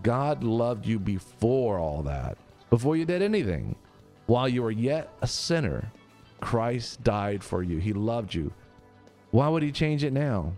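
On a radio show, a man with a voice sitting a little low preaches in an easygoing, conversational style. He comes across as earnest, revisits his points, and sometimes takes on the voices of those he quotes.

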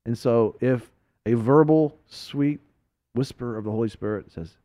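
A man hosting a talk show, telling a folksy story and preaching in an animated, laughing way. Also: medium pitch, a little slow, dry recording.

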